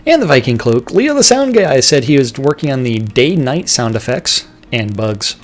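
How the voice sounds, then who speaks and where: A man hosting a livestream briskly reads a list of team updates, dropping casual asides and breaking into laughing banter. His mid-range voice swings widely in pitch, with faint music behind.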